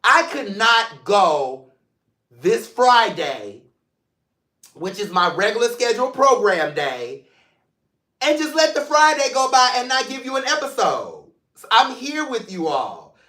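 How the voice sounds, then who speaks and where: Chatty man with a bright, roomy voice. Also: very high voice, big pitch swings, normal speed. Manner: chatty, playful, affectionate toward viewers. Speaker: mental health show host. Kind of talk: casual solo vlog talk. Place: seated in a room at home. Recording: roomy, echoey room.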